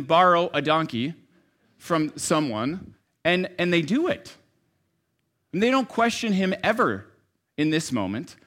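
Guy preaching a sermon, kinda high voice, casual storytelling tone, gets quiet then punches lines up. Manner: swings between soft asides and raised emphatic lines. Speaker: pastor.

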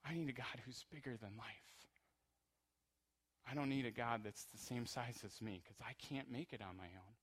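A male pastor delivering a sermon, with passionate swings from quiet, low passages to loud, high-pitched peaks. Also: normal speed, slightly rough.

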